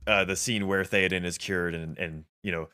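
A man's voice: deep voice, fairly even intonation, moderate pace, pushed and bright. A man chatting eagerly about films as a podcast co-host, rambling with lots of fillers. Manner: enthusiastic, rambling with many fillers. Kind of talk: casual film discussion.

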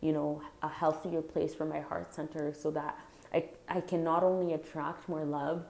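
A woman's voice: sits low, level tone, normal speed, vocal fry, a little mellow, reverberant. A woman host speaking earnestly and heartfelt in a casual spiritual talk, with many fillers. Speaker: podcast host.

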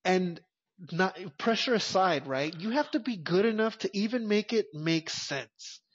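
A man's voice: high voice, lively intonation, a little slow, breathy edge. A man co-hosting a movie podcast, talking bluntly and emphatically in casual chat, often swearing. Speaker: podcast co-host. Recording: dull lo-fi audio.

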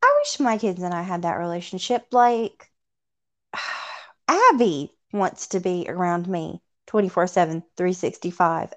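A woman's voice: lowish voice, big pitch swings, unhurried, fairly bright tone. A woman in her thirties from Tennessee with a Southern accent, chatting casually as a podcast co-host in a rambling, self-deprecating way with some swearing. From Tennessee, USA. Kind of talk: casual chat. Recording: dull lo-fi sound.

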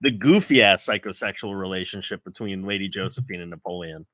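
A man's voice: low-pitched, a little fast, bright, forceful tone, no room sound. A man who is a guest film critic in a casual review chat, blunt and profane in how he talks.

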